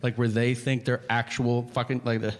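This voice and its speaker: A man doing stand-up, telling a story in an exasperated, incredulous, profane way, his voice jumping high in disbelief. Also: little pitch movement, moderate pace. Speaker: stand-up comedian. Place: comedy stage with a laughing audience. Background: audience laughter.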